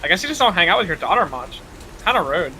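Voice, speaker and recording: A man with a high, bright voice plays in a tabletop game, tossing out blunt jokes. His talk is casual and quick to tease. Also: very animated, a little hiss or hum, low-quality recording. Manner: joking, blunt. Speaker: player.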